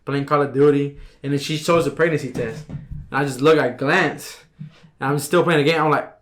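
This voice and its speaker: A young man in his twenties telling a personal story in a casual podcast chat, relaxed and full of slang and fillers. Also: a little high, brisk. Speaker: podcast guest.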